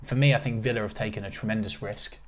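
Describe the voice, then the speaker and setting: A man's voice: fairly low pitch, fairly even intonation, fast talker. A man hosting a casual football podcast, talking in emphatic, confident opinions with frequent restarts. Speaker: podcast host.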